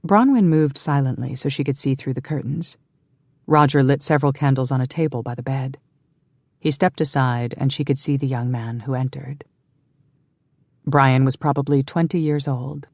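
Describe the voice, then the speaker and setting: Brief: a low-pitched woman reading a historical romance, measured and hushed, dry studio sound. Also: dry recording. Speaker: audiobook narrator. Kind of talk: scripted narration.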